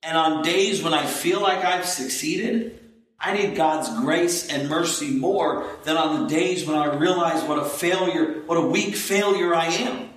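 Slow, emphatic male preacher in an echoey church. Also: fairly high pitch, a bit bright. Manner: slow, emphatic preaching with bursts of raised intensity. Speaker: pastor. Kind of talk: sermon. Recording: roomy echo, distant from the mic.

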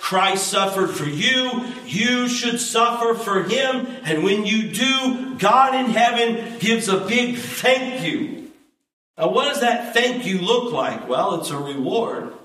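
A man preaching a conversational sermon as a pastor, building up loud and high when he stresses a point. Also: animated, slow pace. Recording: echoey hall, from far off.

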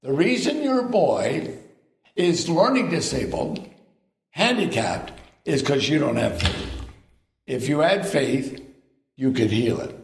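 A man's voice: a little high, very animated, slow, vocal fry, pauses often. An older man preaching a sermon as a visiting preacher, telling folksy stories and acting out both sides of a dialogue. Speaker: guest preacher. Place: church. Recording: echoey church hall, mic at a distance.

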